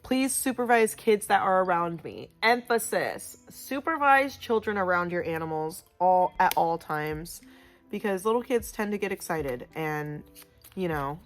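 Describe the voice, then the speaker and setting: A woman giving a casual pick-a-card tarot reading, chatty and loud, with lots of "like" and "you know". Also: lowish voice, expressive, measured pace, soft background music. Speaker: tarot reader.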